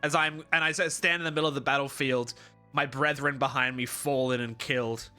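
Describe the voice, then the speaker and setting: A man's voice: medium pitch, steady tone, brisk, pushed and bright, soft background music. A young man chatting on a live stream, swearing freely, ranting and slipping into mock-heroic storytelling. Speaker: livestreamer. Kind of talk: casual live-stream chat.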